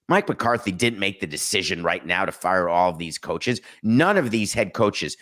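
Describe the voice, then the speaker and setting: A man's voice: fairly low pitch, moderate pace, hardly any pauses, fairly bright tone. A middle-aged man hosting a sports talk show, commenting casually with sarcastic, mocking asides. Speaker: sports talk podcast host.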